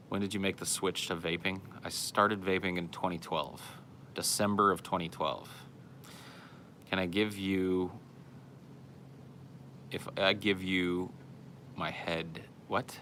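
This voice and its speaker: Sarcastic man with a bright, forceful voice. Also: low voice, slight background noise. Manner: sarcastic, profane, offhand. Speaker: podcast host reading listener chat. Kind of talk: casual chat.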